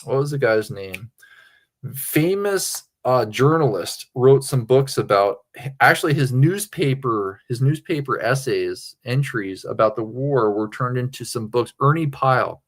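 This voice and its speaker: Man, tipsy, crude, meandering livestream talk, mid pitch. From Pennsylvania. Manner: meandering, crude, self-interrupting. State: tipsy from drinking. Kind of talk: rambling casual livestream chat.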